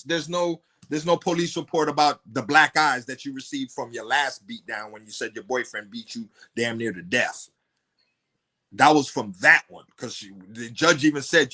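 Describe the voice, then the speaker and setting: A man, a podcast guest telling a story bluntly and profanely, his voice jumping high in outbursts. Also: moderate pace, sharp tone.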